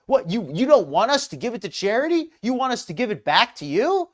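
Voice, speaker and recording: Woman doing a sneering take on a smug streamer lady, high and swooping. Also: sing-song, brisk. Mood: mocking smug. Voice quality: mocking, high and loud.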